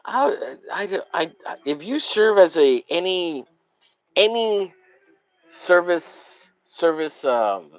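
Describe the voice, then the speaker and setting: A man's voice: sits high, very animated, slow pace, dry recording, low-quality recording. A man hosting a casual live drawing stream. He rambles profanely and laughs at his own jokes.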